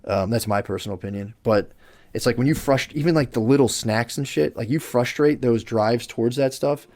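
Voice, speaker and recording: A man's voice: medium pitch, normal speed, a little mellow. A young man co-hosting a podcast in casual chat, talking in long, looping sentences full of "like", restarts and swearing. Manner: rambling, swears freely, many restarts and "like". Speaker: podcast co-host. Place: podcast studio.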